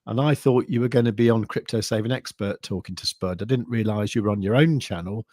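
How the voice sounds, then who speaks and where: English guy hosting a live stream, low-ish voice, dry close sound, lots of ums and uhs. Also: brisk, darkish tone, no echo. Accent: English, mixed Midlands and southern English with some years in France. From English Midlands. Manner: rambling, many fillers and restarts. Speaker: livestream host. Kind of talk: casual livestream chat reading comments.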